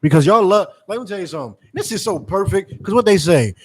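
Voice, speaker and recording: Man with a slightly raised pitch, as a fiery street preacher; heated, mocking, profane. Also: lively intonation, fast talker, slightly rough. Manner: heated, mocking, profane, calls for scripture readings. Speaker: preacher and teacher.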